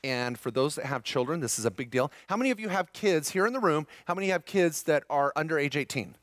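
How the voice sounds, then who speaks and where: A man's voice: on the high side, animated, quick pace, fairly bright tone, no echo, clean studio sound. A middle-aged man speaking to a live seminar audience, joking and upbeat, talking straight to the room.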